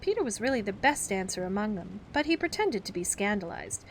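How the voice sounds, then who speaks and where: A woman's voice: big pitch swings, fairly quick, a little hiss or hum. Woman reading a children's classic aloud. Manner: acts the characters with raised pitch for the children's outbursts. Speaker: storyteller. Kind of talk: bedtime story reading.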